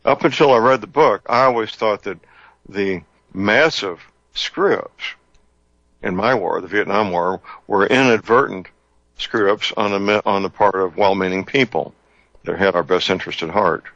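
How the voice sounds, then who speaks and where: An older man hosting a call-in radio talk show, speaking slowly and deliberately, repeating key details. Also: fairly low pitch, fairly bright tone, dry recording. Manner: slow, deliberate, repeats numbers. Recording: muffled lo-fi radio broadcast.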